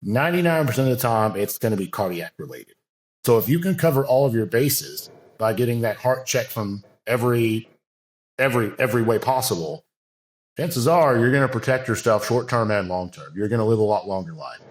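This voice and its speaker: A man's voice: mid-range voice, animated, fairly quick. A man, a bodybuilding coach, talking earnestly in a casual podcast conversation, with long loose run-on sentences and many fillers.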